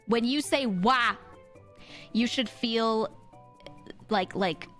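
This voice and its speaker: A woman's voice: a little high, drawn-out words, a bit bright, soft background music. A young woman streaming from home, chatting casually with many fillers, swearing and laughing often. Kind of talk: casual live-stream chat.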